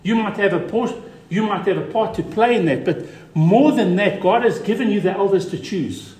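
A man preaching a sermon as pastor, emphatic, repeating key words and dropping to a quiet voice for stress. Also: high-pitched, normal speed, reverberant.

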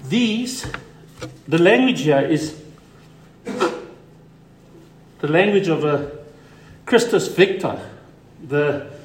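A male pastor delivers a sermon in a high, ringing voice. He leans hard on repeated key words, then drops suddenly quiet to press a point home. The room around him is echoey. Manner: emphatic preaching, drops to quiet for stress.

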